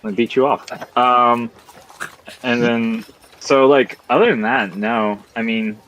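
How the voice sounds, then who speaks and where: A man's voice: medium pitch, slow, a bit bright, dull audio, slight background noise. A man playing a tabletop game who talks in a hesitant, rambling way, full of fillers. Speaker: player. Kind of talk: casual tabletop play.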